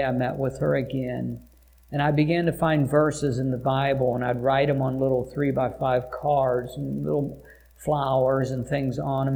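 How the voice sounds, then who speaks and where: A man's voice: medium pitch, creaky, dark tone. A man preaching as a pastor, telling a story in a hesitant way with frequent filler sounds and restarts. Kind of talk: storytelling sermon.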